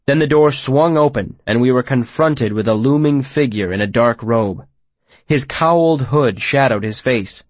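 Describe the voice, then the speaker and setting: A man narrating first-person fiction in a measured, expressive storytelling manner, on a close mic. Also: mid-range voice, no echo. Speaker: audiobook narrator.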